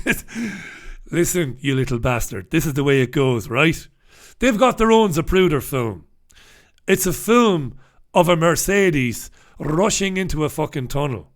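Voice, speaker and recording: A man's voice: a little high, a bit bright. Wry, cursing male newspaper reviewer. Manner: wry, casual, swears freely. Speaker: host. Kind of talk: humorous newspaper review on a live stream.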